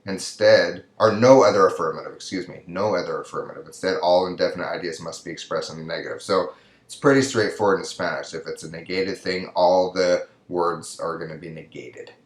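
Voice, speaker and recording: A man's voice: low voice, steady tone, fairly quick, roomy sound. A man teaching a recorded lesson over slides. He explains patiently and keeps checking with "right?". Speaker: Spanish teacher.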